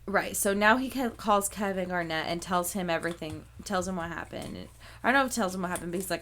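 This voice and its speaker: Animated woman recapping a movie. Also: lowish voice, normal speed. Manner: animated retelling with casual swearing and frequent "like". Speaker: podcast co-host. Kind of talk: casual chat, retelling a movie plot.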